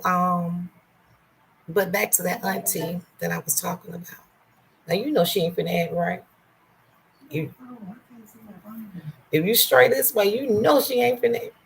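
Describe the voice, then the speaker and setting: Gravelly low-voiced woman hosting a livestream. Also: a little hiss or hum. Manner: greets and thanks viewers by name between stories; candid and confiding, speaks softly and slowly on painful memories. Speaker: livestream host. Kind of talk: casual live-stream chat.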